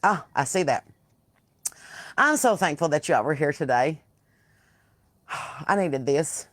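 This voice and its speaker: With a deep voice, she takes it slowly; the recording is dry and studio quality. This podcast host from the Southern US is outdoors on her porch for a casual live chat, telling salty, animated stories with a good deal of swearing.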